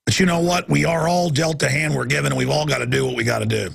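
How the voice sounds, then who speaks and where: A man hosting a radio talk show, ranting angrily and breaking into shouts, with a gravelly, husky voice. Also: fairly high pitch, steady tone, quick pace. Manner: angry, shouting in bursts, then weary and apologetic. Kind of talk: ranting monologue.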